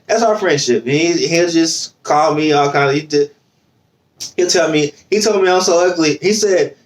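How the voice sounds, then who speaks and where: Podcast host, male, high voice, loose joking storyteller. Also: moderate pace, fairly bright tone. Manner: laughs often, joking storyteller. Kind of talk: casual podcast chat.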